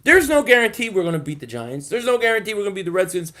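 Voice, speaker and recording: A man's voice: high voice, sing-song, racing, bright, forceful tone. A man hosting a sports fan live stream, ranting in frustration with many stammered restarts. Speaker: sports fan channel host.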